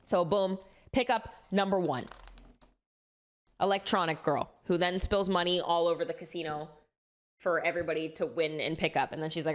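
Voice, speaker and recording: A woman's voice: lowish voice, fairly even intonation, moderate pace. Enthusiastic, chatty woman streamer. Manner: enthusiastic, chatty, swears freely. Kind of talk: casual chat about comics.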